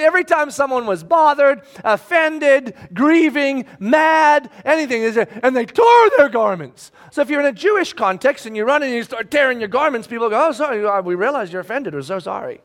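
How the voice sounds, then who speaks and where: A man preaching a sermon with a very high-pitched voice. He is animated and emphatic, and he acts out scenes with sudden shouts. He speaks as a pastor. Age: adult, married with children.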